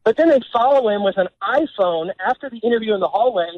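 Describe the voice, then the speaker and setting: A man's voice: high-pitched, lively intonation, quick pace, no room sound, muffled recording. A man calling into a radio talk show, arguing his point earnestly and stumbling through restarts. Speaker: caller. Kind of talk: radio call-in.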